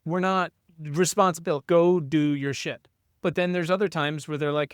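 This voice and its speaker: A man co-hosting a casual podcast, telling parenting stories in a blunt, profane, animated way. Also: a little high, normal speed, clean tone, no room sound, clean studio sound.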